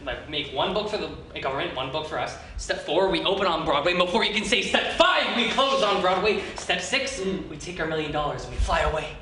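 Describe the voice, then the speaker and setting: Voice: mid-range voice, lively intonation, a little fast, hardly any pauses. Blustering scheming producer played by an actor. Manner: blustery, wheedling, bursts into shouting. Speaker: acting student. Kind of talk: acting-class scene performance. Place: acting class room. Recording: echoey room, far mic, noisy.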